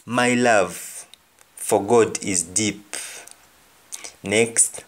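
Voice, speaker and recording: Jamaican man, patient language teacher, unhurried delivery, repeats phrases for learners. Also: mid-range voice, animated. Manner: repeats each phrase twice, then translates it. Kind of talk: slow explanatory lesson with repeated example phrases.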